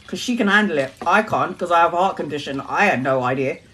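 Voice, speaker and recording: A woman, a mother hosting a live tarot stream, tells a personal story in a casual, animated way, swearing often and laughing between lines. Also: deep voice, fast, husky. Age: adult mother. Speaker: tarot reader and livestream host.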